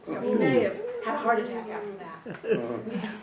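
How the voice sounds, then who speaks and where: A woman voicing a brisk, matter-of-fact female medical social worker, in a raised voice. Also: mid-range voice, big pitch swings, background noise. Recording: roomy distant recording with faint ambience.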